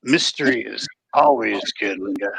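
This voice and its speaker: A man's voice: lowish voice, normal speed, creaky, fairly bright tone, breathy edge, no room sound, low-quality recording. A man in a loose, folksy casual book chat, rambling and restarting his sentences. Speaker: podcast co-host.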